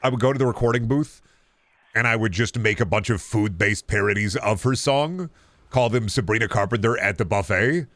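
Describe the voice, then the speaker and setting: Streaming a video game, a man chats casually with viewers, answering their chat questions as he plays, joking, rambling and swearing now and then. His voice is on the low side, a bit bright, and a little fast, with no room sound.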